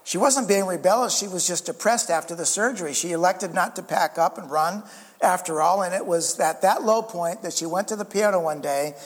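A male pastor preaching a sermon in an earnest way, with stammered restarts and calls for an amen. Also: high-pitched. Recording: reverberant church hall.

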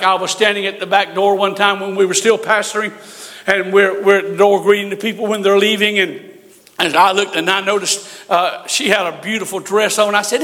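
An older male preacher with a very high, bright voice tells stories from the pulpit, folksy and humorous. His words ring out in a church sanctuary with a long reverb trailing behind them. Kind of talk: sermon.

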